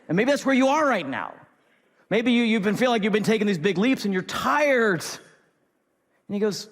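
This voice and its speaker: Male pastor, somewhat high voice, earnest repetitive sermon, long hall reverb. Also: animated, normal speed. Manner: earnest, repetitive, swings between loud and soft.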